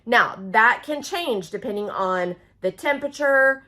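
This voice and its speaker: Animated and on the high side, her pushed, bright voice keeps a measured pace. This product demonstrator from Oklahoma chats through a casual how-to in a folksy way, talking straight to viewers as friends.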